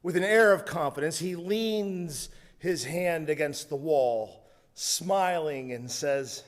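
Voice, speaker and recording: A man's voice: on the high side, slow pace. A man preaching a sermon, telling a humorous story with asides. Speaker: pastor.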